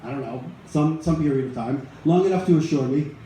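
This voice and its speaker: A man's voice: fairly high pitch, brisk, mellow. A middle-aged man telling a personal story to a live audience in a conversational, rambling way, with many restarts and asides. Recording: very echoey room, faint ambient noise.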